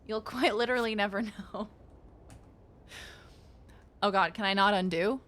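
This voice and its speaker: Streaming a card game, a woman speaks a little slowly in a medium-pitched, fairly bright voice. Her casual live chatter is playful toward viewers, sprinkled with swearing and card text read aloud during play.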